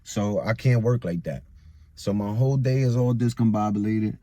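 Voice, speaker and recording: A man's voice: lowish voice, moderate pace, dark tone. Frustrated young man venting outdoors. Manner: frustrated, rambling, repeats himself. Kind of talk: venting vlog monologue. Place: outdoors in a busy public area.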